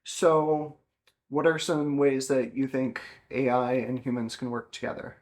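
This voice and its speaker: A man's voice: mid-range voice, little pitch movement, measured pace. A man interviewing a guest, asking questions and giving short encouraging replies.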